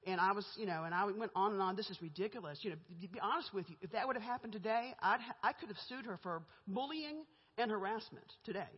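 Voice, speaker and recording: A middle-aged woman, speaking as a guest at church, rushes through a candid and chatty testimony of her life with few pauses, laughing between lines. Her medium-pitched voice is breathy at the edges, with lively intonation. Recorded in the sanctuary, it sounds muffled with heavy hall echo.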